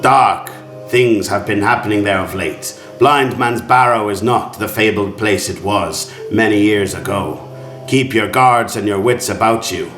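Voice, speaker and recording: A man's voice: fairly low pitch, a little slow, fairly bright tone. A man voicing a chatty, jokey carriage driver and former adventurer, in a wobbly put-on accent. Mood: cheery, warning. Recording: roomy sound with faint music.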